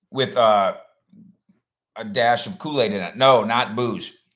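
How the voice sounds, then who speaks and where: A man's voice: medium pitch, measured pace, bright, forceful tone. A man hosting a sports livestream in a rambling, folksy way, chatting casually and reading out viewer comments.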